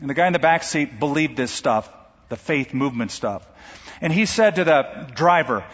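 A man preaching a sermon, with dynamic delivery that swings between rising emphasis and quiet drops. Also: on the high side, lively intonation, moderate pace, slightly rough. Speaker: pastor. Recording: dull recording in a large reverberant hall.

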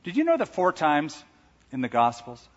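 A male pastor delivers a sermon with strong emphasis, rising loud on key points and dropping quiet between them, tossing in joking asides. His voice carries through a large hall with a long reverb, and the sound is a little dull. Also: a little high, wildly swooping pitch, normal speed.

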